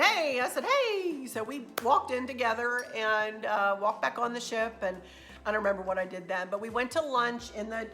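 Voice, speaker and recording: A woman's voice: a little high, fairly bright tone. A woman hosting a casual travel recap vlog, a chatty, rambling storyteller who gets emotional as she talks. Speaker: craft channel host.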